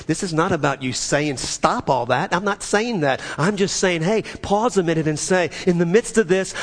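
A man's voice: fairly high pitch, moderate pace, few pauses. A man preaching a sermon as pastor, leading the congregation through repeated spoken confessions. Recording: long hall reverb.

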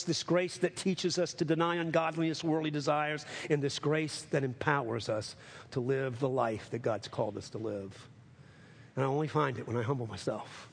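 A man preaching a sermon in a somewhat high voice. He repeats phrases for emphasis and climbs into fervent, near-shouted appeals. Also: gravelly, breathy edge. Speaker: pastor.

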